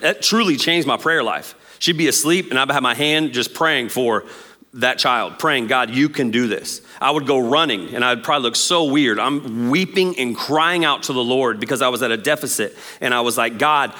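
A man, preaching a sermon as pastor in an animated, jokey way and acting out quotes. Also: mid-range voice, normal speed.

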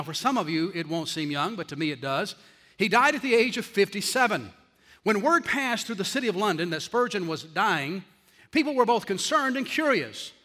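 A man with a high, bright, forceful voice preaches a sermon as pastor, pressing hard on his key phrases and slowing them almost to a crawl. His voice rings out with the long reverb of a large hall, like a church sanctuary.

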